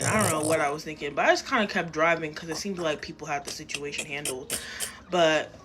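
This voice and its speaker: A woman's voice: sits low, a little fast, over music. A young woman telling a rambling, profanity-laced personal story in a casual, self-deprecating way, acting out what people said. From Tacoma, Washington area.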